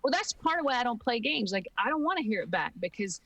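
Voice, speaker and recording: A woman voice actor talking candidly on a panel, animated and laughing often. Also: on the high side, fast, highs cut off, a crowd in the background. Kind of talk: casual panel talk. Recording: dry sound from a distant mic.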